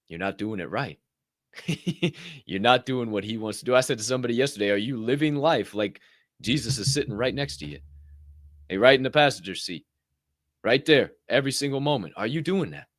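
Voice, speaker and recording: A man's voice: medium pitch, expressive, moderate pace, no echo, studio quality. A man hosting a motivational podcast, talking intensely and preachily and swearing freely. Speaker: podcast host.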